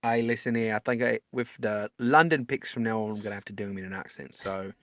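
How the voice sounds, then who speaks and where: A man's voice: on the low side, fairly even intonation, quick pace, slight background noise. A man co-hosting a casual sports podcast, joking and blunt in his opinions. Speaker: podcast co-host.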